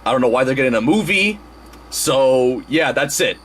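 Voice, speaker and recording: A man's voice: mid-range voice, expressive, normal speed, a bit bright, slightly rough. A man voicing a grumpy cartoon bird who hosts his own show, rambling hesitantly with lots of ums and restarts. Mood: weary. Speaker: show host. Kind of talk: casual chat.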